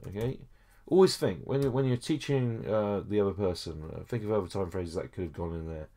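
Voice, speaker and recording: A man's voice: fairly low pitch, brisk, warm tone. A man teaching a French lesson over a screen recording, explaining each step patiently with frequent okays and small hesitations.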